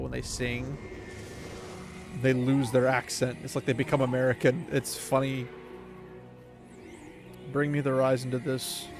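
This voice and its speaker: A man streaming a video game, chatting casually and rambling with plenty of fillers. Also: mid-range voice. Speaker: gaming streamer. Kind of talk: casual chat while playing a video game.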